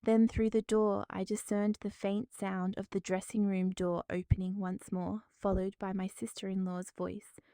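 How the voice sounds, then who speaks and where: A woman narrating a dramatic first-person story in a measured, formal way. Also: medium pitch, little pitch movement, dark tone, smooth, dry recording, clean studio sound.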